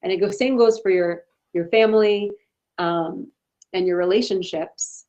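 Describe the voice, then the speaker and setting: A woman's voice: mid-range voice, measured pace, warm tone. Encouraging woman guest, slightly dull audio. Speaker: podcast guest. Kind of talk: casual conversation.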